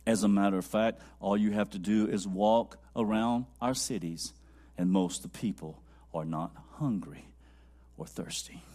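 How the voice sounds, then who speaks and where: A man preaching a sermon, swinging from loud high-pitched exclaiming to low quiet musing, repeating lines for emphasis and dropping to a near whisper. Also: normal speed.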